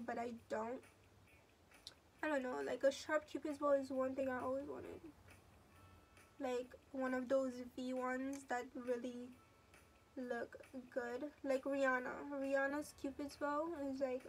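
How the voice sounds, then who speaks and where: A woman's voice: sits high, level tone, measured pace, a little hiss or hum. A teenage girl talking through a makeup tutorial in a chatty, casual way, narrating each step as she goes. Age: teens. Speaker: beauty vlogger.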